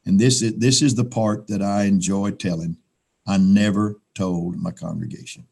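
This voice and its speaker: An older pastor tells his story over a video call, his voice gravelly and husky. The tone is dark and low, and the telling is folksy and unhurried, full of restarts. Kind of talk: personal testimony on a video call roundtable.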